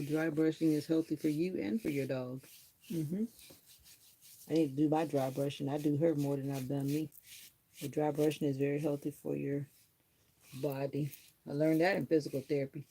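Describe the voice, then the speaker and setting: A woman's voice: low voice, gravelly, mellow, slightly rough. A woman hosting a casual livestream, rambling and chatty as she grooms her dog. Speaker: livestream host. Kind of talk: casual chat.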